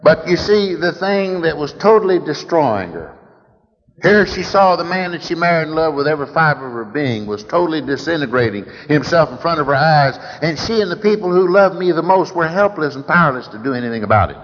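A man's voice: on the high side, lively intonation, brisk. Folksy Texan man in an echoey hall. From Texas. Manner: folksy, rambling, repeats words while telling. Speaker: speaker sharing his recovery story. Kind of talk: recovery meeting storytelling talk. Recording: echoey hall, dull lo-fi sound.

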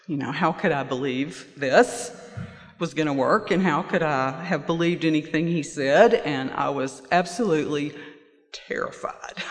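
A woman sharing her personal testimony at a recovery meeting, halting and pausing often with fillers. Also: low voice. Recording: reverberant hall.

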